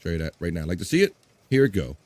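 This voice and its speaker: A man's voice: sits low, very animated, racing, darkish tone, no room sound. A man hosting a casual live stream, chatting, laughing often and reading viewers' comments aloud.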